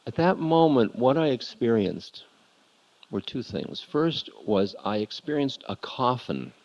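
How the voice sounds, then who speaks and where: A spiritual lecturer telling a confessional story candidly and laughing at himself, heard on a muffled lo-fi tape. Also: male voice, medium pitch, sing-song, a little slow, darkish tone.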